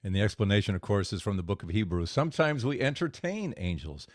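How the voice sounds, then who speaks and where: A man with a fairly low voice hosts a faith podcast, taking his time as he explains and retells stories. The sound is close and dry, with no room around it. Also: animated, quick pace, dry recording. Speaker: podcast host. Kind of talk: faith podcast storytelling and commentary.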